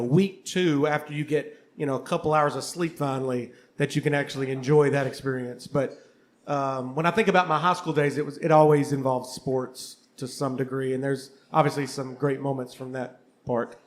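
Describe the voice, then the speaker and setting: A middle-aged man, a history teacher and musician, talking candidly and casually on a panel with many fillers. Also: on the high side. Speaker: co-host, history teacher and bassist. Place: coffeehouse before a live audience.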